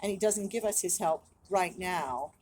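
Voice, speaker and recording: A woman's voice: lowish voice, unhurried, darkish tone, poor audio. A middle-aged woman giving a thoughtful, earnest lesson drawn from scripture. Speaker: guest, host's mother. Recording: clear background hiss.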